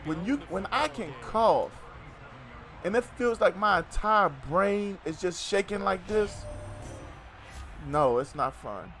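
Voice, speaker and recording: A man's voice: sits high, animated, takes it slowly, pauses often, fairly bright tone, faint music behind. A middle-aged man streaming a football video game, chatting loosely with viewers and joking between plays. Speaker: gaming streamer. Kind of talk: casual live-stream chat while playing.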